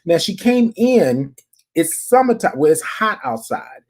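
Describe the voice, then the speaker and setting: A podcast host spins a story in a casual, animated way and keeps calling out to the listeners. The voice is husky, and the pitch swings up and down. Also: a little slow. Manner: animated, repeats phrases, addresses listeners directly.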